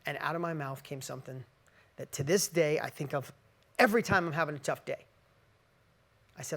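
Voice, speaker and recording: A middle-aged man with a slightly higher than usual voice tells a personal story to an audience of listeners. He speaks earnestly and with feeling. He acts out the conversations he recounts as he goes. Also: a little fast, gravelly, fairly bright tone, breathy edge. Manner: earnest and emotional, acting out quoted dialogue. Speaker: motivational speaker.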